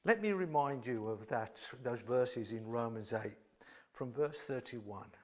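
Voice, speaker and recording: A man preaching a sermon in a church, dropping to hushed near-whispers, then building to loud, excited exclamations. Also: mid-range voice, unhurried.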